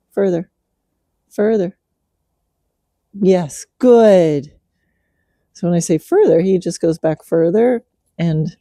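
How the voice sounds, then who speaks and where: Low, gravelly-voiced woman talking softly. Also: no echo, clean studio sound. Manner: soft, relaxed, coaxing the horse with praise. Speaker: podcast host, horse trainer. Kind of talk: casual spoken reflection while working a horse. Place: outdoors at night with her horse.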